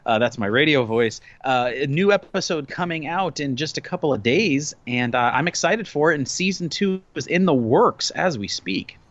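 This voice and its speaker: A man's voice: a little high, lively intonation, moderate pace, few pauses, no room sound. Male podcast co-host, thirties, rambling and jokey, dry and slightly dull lo-fi sound. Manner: rambling, filler-heavy, joking. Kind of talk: casual chat.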